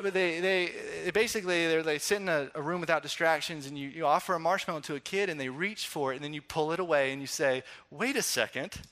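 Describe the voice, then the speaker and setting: Young male pastor, bright voice, casual animated sermon delivery. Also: on the high side. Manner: conversational, animated storytelling with acted-out quotes.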